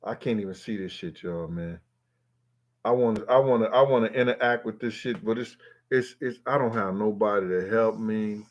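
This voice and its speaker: A man's voice: fairly low pitch, moderate pace, muffled recording. A man hosting a live stream, reading viewers' comments aloud and answering them in a loose, profane, rambling way. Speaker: livestream host reading chat. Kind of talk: casual live-stream chat.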